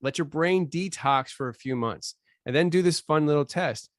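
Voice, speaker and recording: A man talking casually as a podcast guest in a slightly high voice. He gets animated and often laughs, and his voice leaps higher when he is riled up. The sound is close and dry, with no room around it. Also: moderate pace, no room sound.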